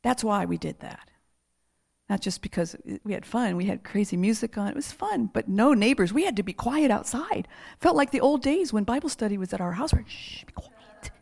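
A middle-aged woman preacher telling a testimony with lively laughter, then leading a hushed prayer. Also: mid-range voice, brisk, creaky. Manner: animated storytelling with laughter, sliding into hushed prayer.

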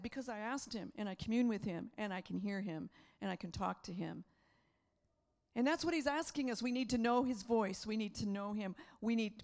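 A middle-aged woman delivers a sermon with a slightly high voice. She is animated and laughs often, acting out the voices in her stories. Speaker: preacher.

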